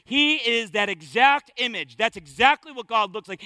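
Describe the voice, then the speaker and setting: A man preaching a sermon as pastor, impassioned and conversational, dropping to a hush and then rising loud. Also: extremely high pitch, lively intonation, moderate pace, no echo. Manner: impassioned, swings from hushed to loud.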